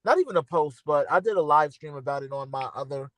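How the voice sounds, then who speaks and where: A man's voice: fairly high pitch, expressive, fast, a bit bright, slight background noise. A man hosting a casual live-streamed podcast, chatty and laughing as he reads live comments. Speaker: podcast host.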